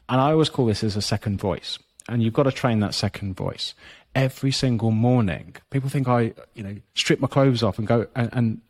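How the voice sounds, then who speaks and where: A man's voice: medium pitch, darkish tone. Blunt, swearing man. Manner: blunt and profane, frequent you-knows. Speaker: guest, fitness business coach. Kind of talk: podcast interview, motivational talk.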